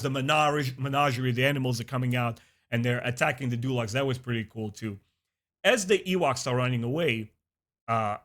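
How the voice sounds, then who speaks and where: A man's voice: medium pitch, a bit bright. A man casually recapping a TV episode, enthusiastic and chatty with many fillers. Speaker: TV episode reviewer.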